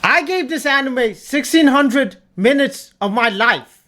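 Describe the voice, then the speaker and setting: Animated young streamer ranting. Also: high-pitched, a little slow. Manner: repetitive, emphatic, swears a lot. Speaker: livestreamer talking to chat. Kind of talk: ranting tier-list commentary.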